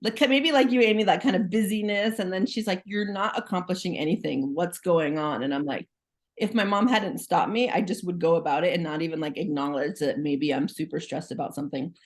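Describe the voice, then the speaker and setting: A woman's voice: fairly low pitch, fairly quick. A woman working as a school social worker, giving a casual presentation on a video call, talking in a chatty way with many "like" fillers and questions to the audience. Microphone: video call microphone.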